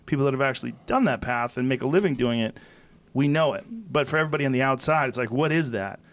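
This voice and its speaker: A man's voice: mid-range voice, very fast. Man musing in casual podcast talk. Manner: reflective, explains at length. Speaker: podcast host. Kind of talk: casual chat.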